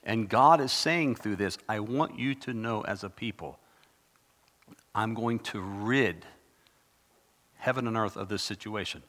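A man preaching a sermon in a dramatic, conversational way, with sudden bursts of loud emphasis. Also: fairly low pitch, measured pace, long pauses. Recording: long reverb of a large hall.

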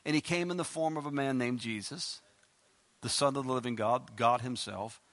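In a bright, forceful mid-range voice and at a moderate pace, a male preacher delivers his sermon. Scripture passages build in emphasis as he reads, rhetorical questions cut in, and a spoken prayer brings it to a close.

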